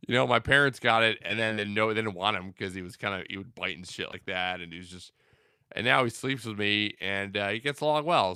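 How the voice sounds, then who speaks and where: Young man, livestream host, bright and crisp voice, rambling casual chat, dry close sound. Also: lowish voice, no room sound. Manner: laid-back, rambling, filler-heavy. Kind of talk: casual livestream chat, reading out viewer comments.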